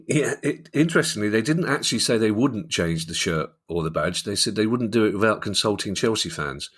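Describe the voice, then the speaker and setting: A man's voice: fairly low pitch, expressive, brisk, a bit bright, breathy edge. A man with a London accent co-hosting a podcast, telling jokey stories and laughing often. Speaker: podcast co-host. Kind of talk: casual chat.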